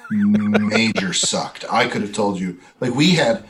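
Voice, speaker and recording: A man's voice: lowish voice, expressive, normal speed, fairly bright tone, soft background music. A man from central Wisconsin in his thirties, chatting casually and wryly, often mimicking people he quotes. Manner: wry, mocking, quotes people in put-on voices. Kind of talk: casual chat.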